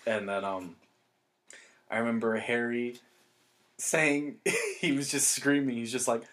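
A man's voice: medium pitch, animated, a little slow, a bit bright. A young man telling rambling, profane stories in casual chat, full of fillers and restarts.

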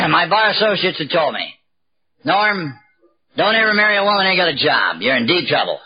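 An older man giving a humorous personal talk at a recovery meeting, a wry, self-mocking storyteller with a knack for comic timing. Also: high voice. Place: live talk at a gathering. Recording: dull, lo-fi old tape recording with faint hiss.

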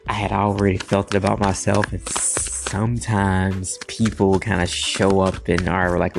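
A woman's voice: extremely low pitch, vocal fry, darkish tone. A woman giving a loose, profane, playful tarot reading to her viewers in a casual vlog. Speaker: tarot reader. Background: music playing.

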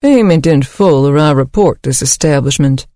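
A man voicing a weary, hard-up male robot repairman who speaks gruffly and curtly. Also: on the high side, animated, moderate pace, dark tone, no echo, clean studio sound, lightly acted.

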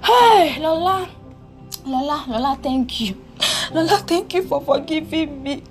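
A woman acts out a weeping big sister with a Nigerian accent, her high voice climbing even higher as she pleads and apologizes over and over. It is a homemade audio drama with faint music underneath. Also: unhurried. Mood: tearful grateful. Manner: tearful, pleading, repeats apologies.

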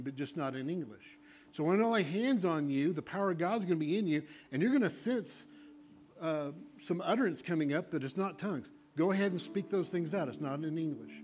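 Fervent pastor, fairly high voice. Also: male voice. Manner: coaxing, repetitive, fervent prayer. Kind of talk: sermon with altar call and prayer. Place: church sanctuary.

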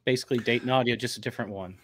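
A man from the northern United States co-hosting a live podcast, relaxed and easygoing in casual banter. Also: mid-range voice, very fast. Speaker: podcast co-host. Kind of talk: casual live-stream chat.

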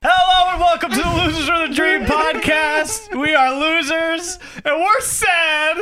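A man's voice: extremely high pitch, unhurried, music in the background. A young man co-hosting a comedy podcast, jokey and self-deprecating, laughing often. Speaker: podcast co-host.

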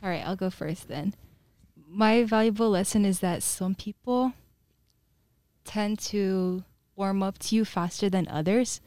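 Mellow teenage girl hosting. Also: mid-range voice, measured pace, no echo. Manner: leads with plain questions. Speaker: host. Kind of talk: hosting a club talk show.

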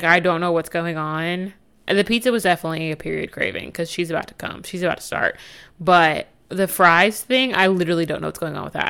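A woman's voice: lowish voice, a bit bright, clear, resonant tone. A young woman from the United States hosting her own podcast, talking in a chatty, candid way and laughing easily. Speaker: podcast host. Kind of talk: casual solo podcast chat.

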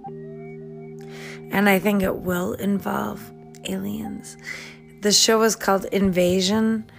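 A woman's voice: medium pitch, gravelly. A woman from the East Coast of the US, talking over a phone in a rambling personal voice memo that drifts into whispers. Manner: slow, meandering, drifts into whispers. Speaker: podcast host.

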